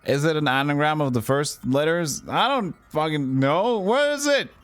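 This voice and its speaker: A man's voice: fairly high pitch, normal speed, no room sound. A man streaming a retro game, reading and puzzling aloud, swearing freely. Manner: swears, plays silly voices. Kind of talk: casual game commentary.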